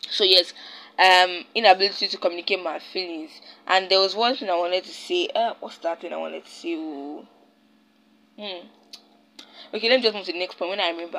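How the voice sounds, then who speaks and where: A woman's voice: on the low side, fairly bright tone, rough recording. A young Nigerian woman hosting a casual solo podcast, rambling and often stopping to search for her words. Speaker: podcast host.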